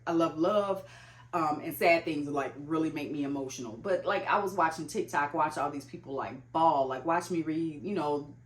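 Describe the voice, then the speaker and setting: Low-voiced chatty woman in echoey room. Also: moderate pace. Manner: chatty, full of "like" fillers. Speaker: book vlogger. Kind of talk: casual chat.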